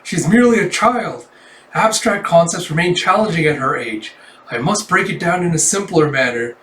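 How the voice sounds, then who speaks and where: A man voicing a prim, formal older male schoolmaster, speaking in a stiff, measured, proper way while reading a comic aloud. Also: a little high, expressive, fairly bright tone. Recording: roomy, distant mic.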